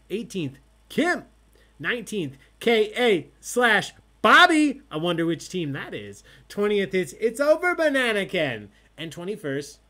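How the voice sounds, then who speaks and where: A man hosting an online trivia night, announcing questions and scores in a loud, playful way. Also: fairly high pitch. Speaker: trivia host.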